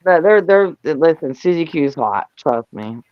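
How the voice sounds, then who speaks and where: An older woman chatting on a live stream, loud, brash and profane, laughing often. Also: low-pitched, lively intonation, measured pace, dry recording. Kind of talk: casual chat. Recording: dull lo-fi sound.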